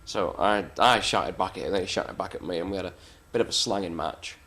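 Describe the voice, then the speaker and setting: A man's voice: sits low, brisk, sharp tone. A man, a wrestler being interviewed, telling backstage stories in a blunt, swearing, self-mocking way. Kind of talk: casual anecdotal storytelling.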